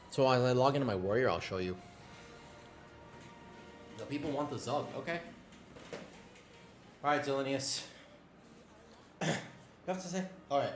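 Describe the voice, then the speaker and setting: A man's voice: mid-range voice, slight background noise. A young man streaming live, chatting playfully with his viewers and reacting aloud to their messages. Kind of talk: casual livestream chat with viewers.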